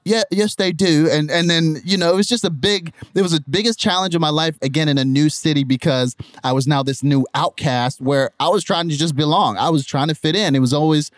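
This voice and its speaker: A young adult man from Nigeria with a Nigerian accent, telling his life story in a lively, conversational way as a podcast guest. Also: fairly quick, few pauses, dry recording, studio quality. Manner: animated, jumps into high mimicking voices when quoting others.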